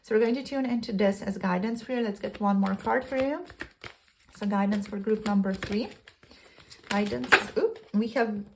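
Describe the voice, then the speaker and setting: A woman giving a tarot reading, calmly reading from a card booklet in a soothing spiritual way. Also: medium pitch, normal speed. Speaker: tarot reader.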